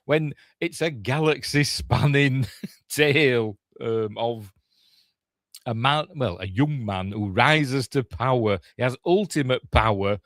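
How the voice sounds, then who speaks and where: A man's voice: mid-range voice, takes it slowly, fairly bright tone, no echo. An older man with a Yorkshire accent, chatting casually as a podcast host reacting to a film trailer, grumbling and mocking himself.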